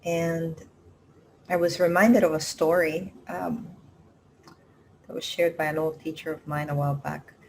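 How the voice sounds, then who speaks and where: A woman meditation teacher giving a gentle, measured mindfulness talk, pausing often with soft ums. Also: deep voice, a little hiss or hum, poor audio. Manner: soft-spoken, measured, frequent pauses and ums.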